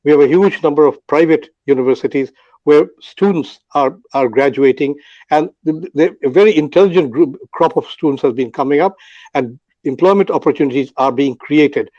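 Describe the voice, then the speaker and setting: A man's voice: on the high side, moderate pace, mellow, dry recording, lo-fi sound. An older man from Bangladesh speaking as a panel guest, talking off the cuff with many fillers and restarts. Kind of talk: unscripted commentary on an online audio panel.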